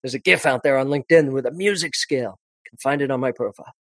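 A man's voice: mid-range voice, fast talker, dry recording, studio quality. A man coaching on presenting in a podcast interview, telling stories expressively and often restarting his sentences. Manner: expressive, animated storyteller with frequent restarts.

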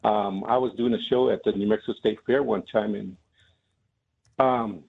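A man's voice: lowish voice, steady tone, moderate pace, gravelly, husky. A man, a comedian guest, telling stories on a call-in show with plenty of hesitant ums. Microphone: telephone. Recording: phone line.

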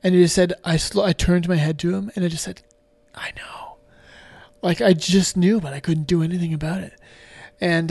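A man speaking as a podcast guest, telling his story candidly in a halting, emotional way with many restarts and some casual swearing. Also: a little high, creaky, a little mellow, no room sound.

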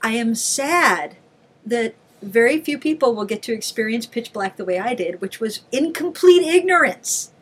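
A woman's voice: on the high side, moderate pace, husky. A woman co-hosting a casual chat show, telling stories with lots of energy and frequent laughter. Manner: animated storyteller, laughs often. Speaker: podcast co-host.

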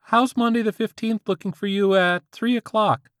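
A man voicing a squeaky-voiced teenage boy doing tech support on the phone, pitched far above his own low voice. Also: fairly even intonation, moderate pace, fairly bright tone, no echo, clean studio sound. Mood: offhand.

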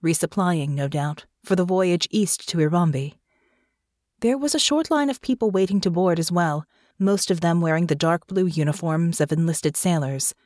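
Low-voiced woman narrating a story. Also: normal speed, darkish tone, no echo, clean studio sound. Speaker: audiobook narrator. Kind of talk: scripted fantasy narration.

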